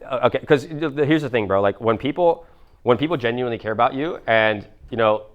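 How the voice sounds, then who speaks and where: A man's voice: medium pitch, fast talker, lo-fi sound. A man in his twenties, a business coach answering audience questions, talking casually with lots of fillers and swearing. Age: 20s. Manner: acts out others' voices in quoted dialogue. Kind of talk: live coaching Q&A.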